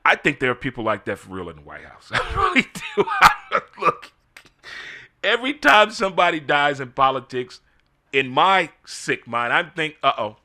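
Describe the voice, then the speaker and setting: A man's voice: mid-range voice, big pitch swings, brisk, pushed and bright. A middle-aged man hosting a casual solo commentary, full of incredulous rhetorical questions. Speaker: host.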